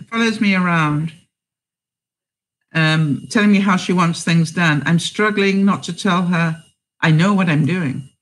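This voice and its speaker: A woman's voice: medium pitch, poor audio. A woman hosting a live stream. She reads viewer comments aloud and answers with encouraging advice, rambling with plenty of fillers and restarts. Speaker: vlogger and host.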